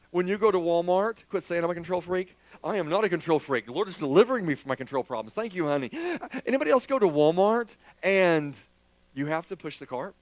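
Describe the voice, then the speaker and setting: A man preaches to his church in an open, confessional way, poking fun at himself as he goes. His voice sits a little on the high side. The sound is dry, with little room echo. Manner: candid, joking and self-deprecating, talking to a congregation. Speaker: pastor. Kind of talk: sermon.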